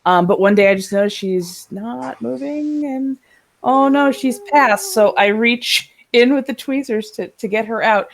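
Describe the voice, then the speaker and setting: A woman's voice: on the high side, measured pace, slight background noise. A woman co-hosting a casual chat, telling a story animatedly, acting out voices and laughing often, heard over a video call. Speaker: podcast co-host.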